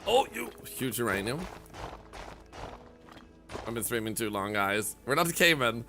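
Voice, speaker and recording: With game music in the background, a man chats with his stream viewers in a loose, reflective way, leaning heavily on "like." His medium-pitched voice is very animated, pushed and bright, yet unhurried, with frequent pauses.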